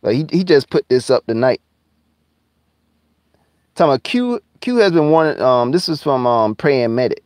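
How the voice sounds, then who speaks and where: A man's voice: mid-range voice, expressive, a little mellow, no echo. Heated profane man ranting on a live stream. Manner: heated, profane, repetitive, drawling slowdowns. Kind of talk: angry conspiracy rant on a live stream.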